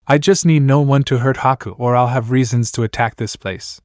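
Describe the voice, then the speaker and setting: A man voicing a cold, emotionless male swordsman, speaking flatly. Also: medium pitch, brisk, no room sound, clean studio sound, close to an everyday voice. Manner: flat and cold.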